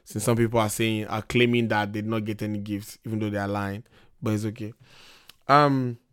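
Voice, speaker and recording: A young man hosts a casual podcast, teasing and loud, his voice wearing thin and hoarse. The sound is dry and close, with no room around it. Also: on the low side, dry recording. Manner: teasing, loud and excitable, slips into Nigerian pidgin. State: losing his voice. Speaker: podcast host.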